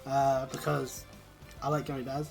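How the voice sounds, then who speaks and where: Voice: mid-range voice, little pitch movement, moderate pace, gravelly, over music. A let's play host giving casual gameplay commentary, rambling and chewing candy while talking.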